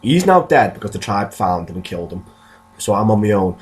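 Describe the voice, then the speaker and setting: A man's voice: lowish voice, sing-song, fairly quick. A man, co-hosting a podcast and rambling through jokey stories in casual chat. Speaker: podcast co-host.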